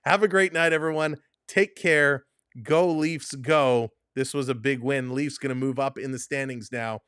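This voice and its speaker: A man hosting a live hockey watch-along, giving energetic play-by-play and a recap and laughing often. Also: medium pitch, moderate pace, smooth, no room sound, clean studio sound.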